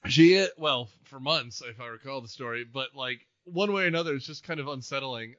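A man co-hosting a casual movie-review podcast, animated, laughing often and acting out lines from films. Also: medium pitch, brisk, no room sound, lo-fi sound. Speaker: podcast co-host.

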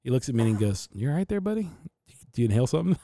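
A man on a podcast, casually telling animated stories and acting out his father's voice. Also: mid-range voice, racing, vocal fry, no echo, clean studio sound. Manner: animated storyteller who acts out his dad's voice. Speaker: podcast host. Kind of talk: casual storytelling chat.

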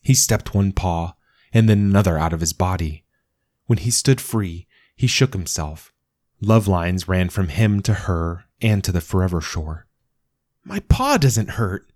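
A man narrating a storybook aloud in a measured storytelling manner. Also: sits low, darkish tone, no echo, studio quality. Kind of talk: scripted narration.

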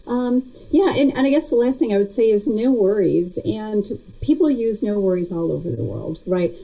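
A woman's voice: mid-range voice, animated, normal speed, mellow, rough recording. A woman being interviewed as a guest, chatting casually and reflectively with frequent restarts. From United States. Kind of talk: casual remote interview chat.

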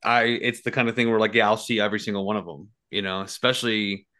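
Bright-toned low-voiced man musing. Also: fairly even intonation, fast talker. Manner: loose, musing, filler-heavy. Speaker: podcast co-host. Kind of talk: casual film discussion.

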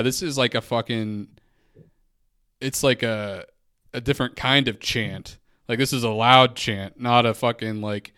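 A man hosts a relaxed talk about poetry with a bright, ringing voice. He is casual and enthusiastic and swears freely. The recording is dry and close. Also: mid-range voice, clean tone, no echo. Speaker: podcast host and interviewer.

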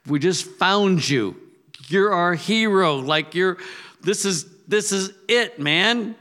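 A man voicing an overexcited, starstruck disciple who pleads in a high, drawn-out voice. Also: pushed and bright, heavily acted. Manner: pleading, hyped-up, slow drawn-out words.

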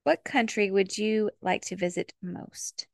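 A woman's voice: mid-range voice, measured pace, vocal fry, dry recording, clean studio sound. A woman co-host asking questions in an upbeat, giggly way. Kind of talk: casual chat.

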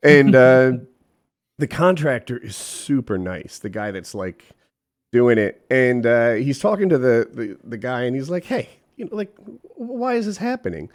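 A man's voice: mid-range voice, unhurried. A middle-aged man telling a story in casual chat, quoting the people in it and swearing freely. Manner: animated, profane, quotes people in voices.

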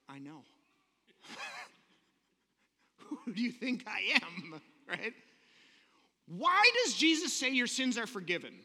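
A lively, high-voiced man preaches, his pitch leaping around as he tells the story with jokes and quick character voices. His tone is bright and sharp, and a long hall reverb trails after each phrase. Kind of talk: sermon.

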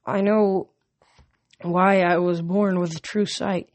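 A woman's voice: fairly low pitch, level tone, slow pace. A woman reading as a dazed teenage girl oracle. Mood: earnest. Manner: soft, earnest, a bit shaken.

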